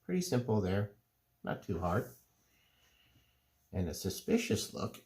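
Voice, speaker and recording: A middle-aged man calmly explaining, step by step, how to draw cartoon faces. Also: lowish voice. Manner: relaxed, unhurried step-by-step explaining. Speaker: drawing teacher. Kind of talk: casual drawing tutorial.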